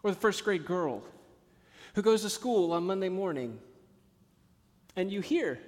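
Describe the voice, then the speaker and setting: Pastor preaching in a reverberant hall. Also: male voice, sits high, lively intonation, moderate pace, long pauses. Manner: storytelling, swings from hushed to emphatic. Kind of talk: sermon.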